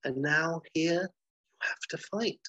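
A man's voice: a little high, slow pace, pushed and bright, no room sound, pitched above the performer's own voice, full character voice, poor audio. A man voicing a doting mother who turns into a monster, her tender cooing turning sinister, as he acts out a film scene.

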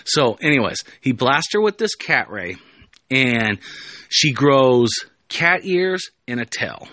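A man's voice: mid-range voice, very animated, slow pace, bright, forceful tone, dry recording. A man hosting a podcast, telling a story in a casual, rambling way with jokey asides. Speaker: podcast host.

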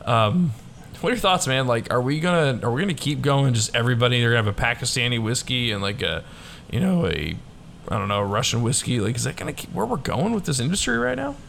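Gravelly-voiced man in casual talk. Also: medium pitch, sing-song, quick pace, a bit bright, slight background noise. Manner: joking, loose, swears. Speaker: podcast co-host. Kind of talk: casual whiskey chat.

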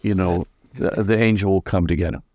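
An older man, a priest as guest, telling stories in an animated way and acting out the voices of the people in them. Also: sits low, brisk, no echo, highs cut off. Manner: lively, acts out quoted voices, many fillers. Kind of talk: animated anecdotal storytelling.

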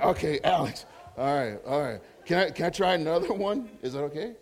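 A man preaching as a guest speaker in a church, laughing often and repeating words when excited. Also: fairly high pitch, normal speed. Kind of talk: sermon with prophetic words. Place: church hall.

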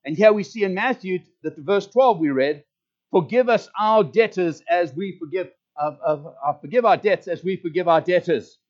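A man's voice: high-pitched, moderate pace, a little mellow. A man with a South African accent, a pastor preaching a fervent, emphatic sermon to his church. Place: church service. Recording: dull lo-fi recording.

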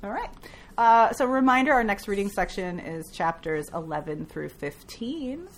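A woman's voice: mid-range voice, animated, moderate pace. Joking woman hosting a book chat. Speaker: book club podcast host. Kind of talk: casual chat.

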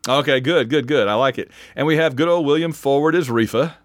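A man's voice: mid-range voice, fairly quick, no room sound, studio quality. A man co-hosting a podcast in casual chat, talking as an eager fan who often breaks off and restarts. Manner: chatty, enthusiastic fan, self-interrupting. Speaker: podcast co-host.

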